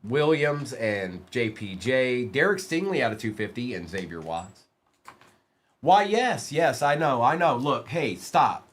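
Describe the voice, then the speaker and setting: A man hosts a live-streamed card break with a very lively, bouncing voice, rattling off player names and teasing the chat. His pitch is mid-range for a man. A faint hiss sits under the voice. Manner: rapid name-reading, teasing viewers, bursts of excitement.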